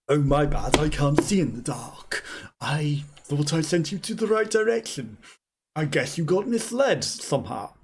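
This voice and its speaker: Game music runs under this let's play, where a man with a higher, animated voice talks at a measured pace. He chats, thinks out loud, and chuckles through casual commentary, and there's a slight hiss or hum on the recording.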